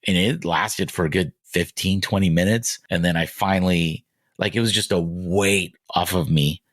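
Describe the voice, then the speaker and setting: A man in his forties talks with a fairly low, grounded voice, recorded close and dry with no room sound around him. He tells personal stories candidly, stopping and restarting, with filler words scattered through his speech. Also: fairly even intonation, a bit bright, no room sound. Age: 40s. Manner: halting, frequent "like" fillers and restarts. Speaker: podcast guest.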